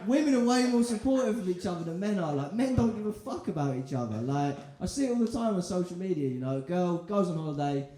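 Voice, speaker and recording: Young male stand-up, casual and crude, slightly high voice, live club sound with echo. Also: animated, fast talker, few pauses, warm tone. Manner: chatty, loose, crude, lots of fillers. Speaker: stand-up comedian. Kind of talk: stand-up set. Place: comedy club in front of a live audience. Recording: echoey club room with audience laughter.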